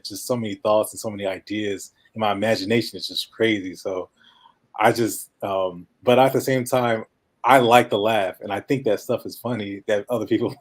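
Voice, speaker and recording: A man with a somewhat low, nasal voice chats as a guest in a relaxed interview. He talks fast, runs his words together at times and laughs easily between thoughts. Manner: fast-talking, sometimes mumbles, laughs often. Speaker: podcast guest. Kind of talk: casual interview chat.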